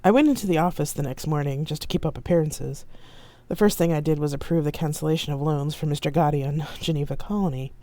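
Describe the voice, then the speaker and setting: A woman reads her own novel aloud in a low, mellow voice. Her delivery is lively in pitch and keeps a steady storytelling pace. The recording is dry and close. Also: fast talker, no echo. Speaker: author reading her novel. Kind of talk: reading aloud on a live stream.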